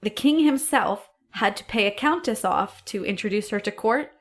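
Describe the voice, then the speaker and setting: A woman's voice: mid-range voice, animated, moderate pace. Chatty woman co-host telling history. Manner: chatty, laughing, swearing casually. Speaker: podcast co-host. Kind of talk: casual history storytelling chat.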